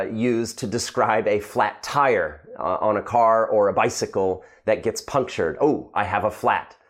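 An American man teaching English vocabulary in a relaxed, explanatory way, with small fillers. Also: medium pitch. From United States.

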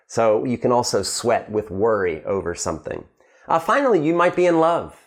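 A man's voice: medium pitch, big pitch swings, moderate pace. A man teaching English slang to learners, acting out short example lines and often checking in with "right?". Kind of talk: slang lesson to camera.

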